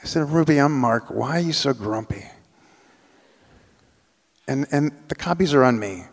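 A man's voice: mid-range voice, moderate pace. Man telling a story in a reverberant hall. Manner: animated, acts out quoted voices. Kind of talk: live personal storytelling.

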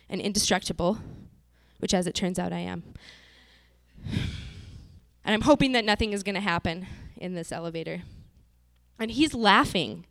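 A woman's voice: medium pitch, a bit bright, no room sound. A woman from Montana telling a personal story in a vivid, dramatic way. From Montana, USA.

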